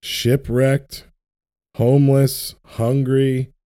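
A man's voice: mid-range voice, little pitch movement, very slow, dark tone, clean tone. A young man in casual podcast chat, ranting with profanity and passion about his faith.

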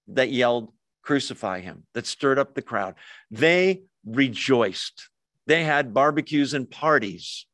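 A male pastor preaching a conversational sermon, acting out quoted voices with lively asides. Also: medium pitch, no room sound.

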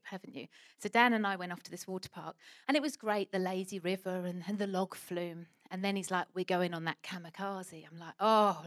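A woman preaching a sermon and telling a lively personal story, acting out what people said. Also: mid-range voice, no room sound. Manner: animated storytelling, acts out quoted voices.

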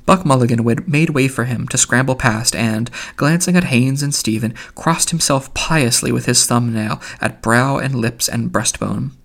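A man reading a literary novel aloud as an audiobook narrator, in a measured, even delivery. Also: medium pitch, gravelly.

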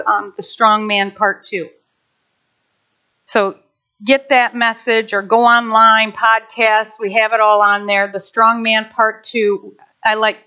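A middle-aged woman pastor preaching a sermon, animated, with asides and rhetorical questions. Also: medium pitch. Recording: dull lo-fi recording.

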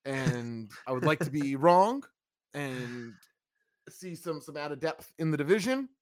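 A man's voice: a little high, expressive, measured pace, dry recording, clean studio sound. A man hosting a live wrestling review, blunt and opinionated, reading out chat comments. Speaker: wrestling review podcast host.

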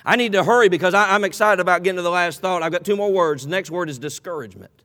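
A man preaching an animated sermon in a church, acting out Bible characters in dialogue. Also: sits high, rapid-fire. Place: church sanctuary. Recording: long reverb of a large hall.

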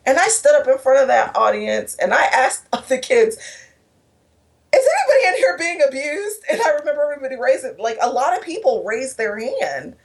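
A woman's voice: high voice, expressive, fairly quick, creaky, few pauses. A woman telling an emotional personal story in an interview, earnest, with restarts and quoted dialogue. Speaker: guest speaker.

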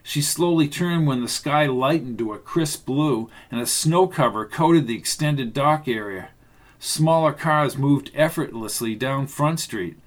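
A man reading a novel aloud as narrator, in a steady, measured way. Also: a little high. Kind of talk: audiobook narration.

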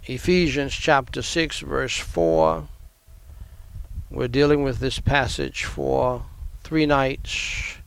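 A man's voice: medium pitch, lively intonation, slow, creaky, clear, resonant tone. An older man, a pastor, preaching a sermon in a conversational way, repeating phrases and adding asides.

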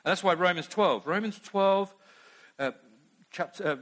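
A man's voice: high-pitched, normal speed, fairly bright tone. A man preaching a sermon in a conversational way, with many asides.

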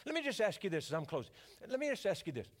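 A man preaching a sermon in church, building from calm teaching to fervent declarations and prayer. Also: high-pitched, very fast. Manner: preachy call-and-response, rising to fervent declarations. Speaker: pastor.

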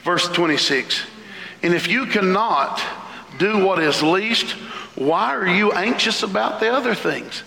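A male pastor delivers a fervent sermon in a high, gravelly voice, breaking into shouted lists. The sound carries the long reverb of a large church hall. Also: lively intonation, measured pace. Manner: fervent preaching with shouted lists and sudden pitch leaps. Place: church sanctuary. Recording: echoey hall.

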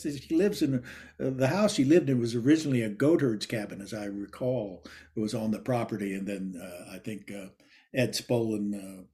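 An older man telling stories about a former teacher, rambling with many restarts and laughs, and sometimes acting out quoted lines loudly. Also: mid-range voice. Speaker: interviewee recalling a former teacher. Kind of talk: anecdotal reminiscence.

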